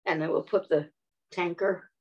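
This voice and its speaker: A woman reading and singing to young children in a gentle voice, often asking them questions and clearing her throat. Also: fairly low pitch, fairly even intonation, normal speed, lo-fi sound. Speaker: children's storyteller.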